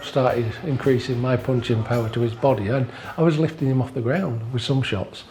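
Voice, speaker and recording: A man's voice: medium pitch, steady tone, moderate pace, darkish tone, soft background music. A middle-aged man, a bouncer and former amateur boxer, recounting his fights bluntly and with swearing. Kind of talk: casual chat, telling stories.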